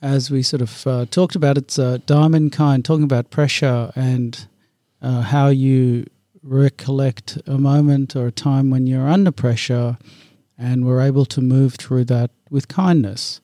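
A man hosting an interview, talking in a relaxed, hesitant, friendly way. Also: medium pitch, a little slow, no room sound, studio quality. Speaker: host. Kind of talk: casual interview.

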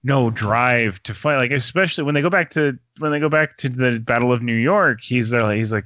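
A young man in casual chat as a podcast co-host, excitedly retelling scenes and swearing. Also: medium pitch, moderate pace, no room sound. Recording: dull lo-fi sound.

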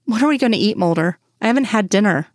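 A woman's voice: medium pitch, expressive, fast talker, no room sound, clean studio sound, natural voice. A woman reading as an exasperated female agent. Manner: exasperated, pleading. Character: exasperated grown woman, sharp FBI doctor.

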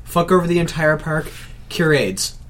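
Male co-host, a bit high-pitched, deadpan comic. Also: normal speed. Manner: deadpan absurd jokes. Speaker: podcast co-host. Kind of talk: casual chat.

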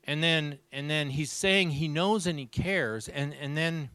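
A man preaching, telling a story with lively acted-out dialogue. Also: a little high, a little slow, clean tone, dry recording. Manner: animated storyteller, acts out dialogue. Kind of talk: sermon storytelling.

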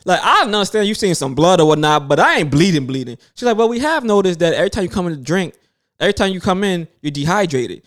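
A man in his thirties, pitched a little high, spins a story in loose conversation. He acts out everyone's lines in lively bursts and curses freely. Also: quick pace. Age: 30s. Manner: animated, acts out other people's lines, swears freely. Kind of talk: casual storytelling chat.

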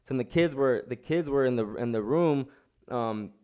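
A man's voice: mid-range voice, moderate pace, a little mellow, clear, resonant tone. A man telling a story in casual chat, rambling with lots of slang and restarts.

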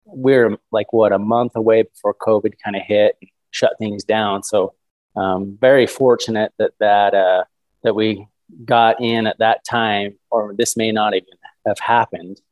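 A man's voice: fairly low pitch, steady tone, unhurried, a little mellow, no echo, poor audio. Eager storytelling man, dry close mic. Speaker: guest hunter. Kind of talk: storytelling in a podcast interview.

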